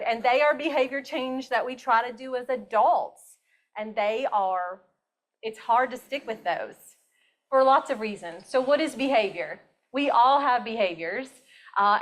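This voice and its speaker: Woman workshop presenter, slightly high voice, chatty and animated with frequent laughs. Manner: animated, chatty, laughs often while teaching. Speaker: presenter at a teacher training on autism and behavior. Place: classroom or meeting room with a live audience.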